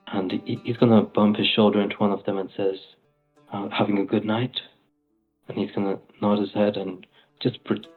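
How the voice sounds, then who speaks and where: A man describes his character's actions in a low, monotone voice. His sound is thin and phone-like, as if coming over a call. Faint music plays underneath. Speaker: player. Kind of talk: playing a tabletop game. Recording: tinny phone-like line.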